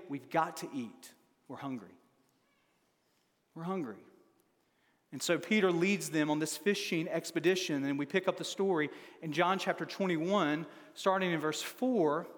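High-voiced preacher in a reverberant hall. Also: male voice. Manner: dramatic reading with shifting emphasis. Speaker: pastor. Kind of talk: sermon.

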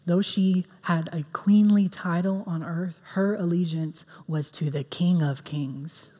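A woman's voice: lowish voice, fairly even intonation, unhurried, mellow. A woman giving a sermon in an earnest, conversational way, with many fillers. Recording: long reverb of a hall.

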